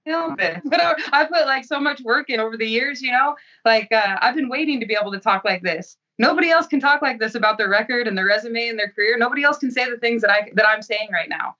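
A woman's voice: fairly high pitch, fast talker, hardly any pauses, bright, forceful tone, distant mic, muffled recording. A woman fighter giving blunt, profane, self-assured interview answers.

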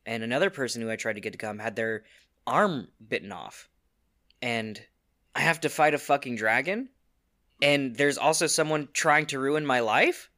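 A man playing his character in a tabletop game, rambling in an unhurried way and laughing at his own lines. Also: mid-range voice, bright, forceful tone. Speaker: player. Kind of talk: tabletop role-play.

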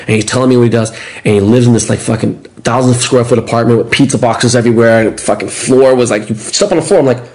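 Guy on a podcast, swears a lot, acts out what ppl said, loose and animated. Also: mid-range voice, fast, hardly any pauses. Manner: animated, profane, acts out quotes. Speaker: podcast guest. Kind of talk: casual storytelling.

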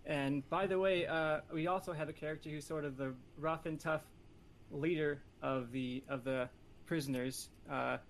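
A man pitching a movie on a casual podcast, talking in a playful, rambling, competitive way. His voice sits slightly higher than most men's. Faint ambient hum runs behind him. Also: steady tone, moderate pace. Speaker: podcast panelist. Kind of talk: casual chat.

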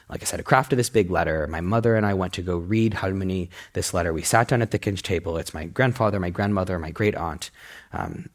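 A young man tells a personal story to a listening audience. His voice sits fairly low, but he jumps up in pitch when he gets excited. He laughs easily and keeps the story moving with energy. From United States. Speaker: speaker giving a talk.

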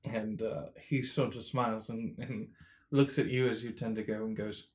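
Narrating a tabletop role-playing session as its game master, this man speaks in a low-leaning voice. His delivery is relaxed and halting, with frequent fillers.

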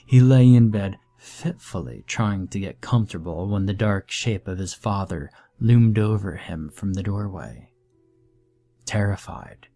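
Slow, dark-voiced male horror narrator. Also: fairly low pitch. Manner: slow, grave, measured. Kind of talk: scripted horror story narration.

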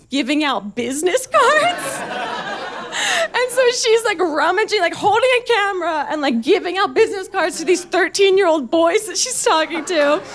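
A young woman doing stand-up, telling a chatty, self-mocking story and laughing through her lines. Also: sits high. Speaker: stand-up comedian.

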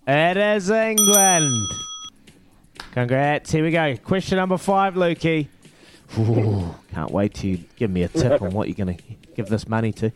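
A man's voice: a little high, lively intonation, measured pace, background noise. A man hosting a radio phone-in quiz, bantering matily with callers. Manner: upbeat, matey banter with callers. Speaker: radio breakfast host.

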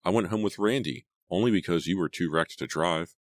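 A man's voice: deep voice, a little fast, no room sound, studio quality, voice pushed up, natural voice. A man reading aloud as a teenage girl from an audiobook, voicing her tense, defensive lines in a raised voice. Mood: insistent. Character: teenage girl narrator, anxious and guarded.

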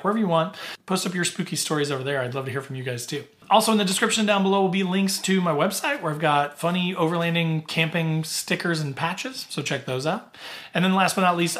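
Middle-aged male podcast host, loose chatty storyteller, bright and forceful tone, pitch a touch high. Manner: chatty, filler-heavy, laughs easily. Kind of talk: casual storytelling.

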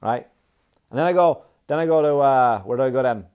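A man doing a stand-up comedy set, telling stories in a profane, animated way. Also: mid-range voice, brisk, clear, resonant tone. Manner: profane, animated storytelling with exaggerated quoted voices.

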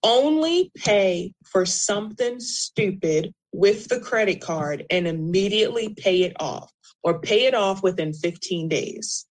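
Woman co-host, mid-pitched, talks through practical tips in casual chat. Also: lively intonation, measured pace, rough recording. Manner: explains money tips plainly, with asides.

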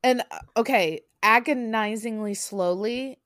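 A woman's voice: a little high, measured pace, fairly bright tone. A woman chatting casually and reading short horror stories aloud, giggling and tripping over her words.

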